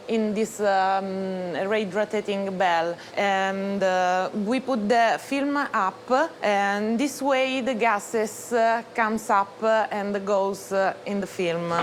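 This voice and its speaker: Lady from the chem lab, super slow and hesitant, lots of um's, faint hum behind. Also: mid-range voice, fairly even intonation. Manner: hesitant, many pauses and fillers. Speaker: lab chemical technician. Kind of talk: explaining to camera.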